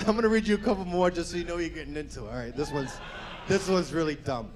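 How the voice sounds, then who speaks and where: On stage in front of a live audience, a male comedian with a somewhat high voice delivers a lively, profane set. He keeps breaking into fast character impressions.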